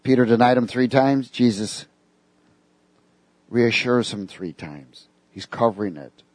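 A male preacher in a casual, conversational sermon, moving between scripture reading and questions to his listeners. His voice sits at a middle pitch. The recording is dry, with no room echo. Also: animated, unhurried.

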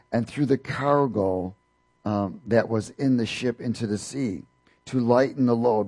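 A man's voice: dark tone, slightly rough. A man preaching a sermon, reading scripture aloud and explaining it, often lifting his voice for the quoted lines. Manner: reads scripture aloud, rising in pitch for quoted speakers, with light laughs.

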